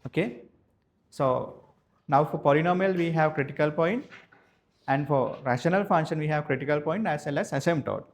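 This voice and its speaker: A man from Sri Lanka, teaching a maths class slowly and repeating each phrase so students can write it down. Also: fairly high pitch. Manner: slow, repeats each phrase for note-taking, spells words out. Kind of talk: dictated classroom lesson.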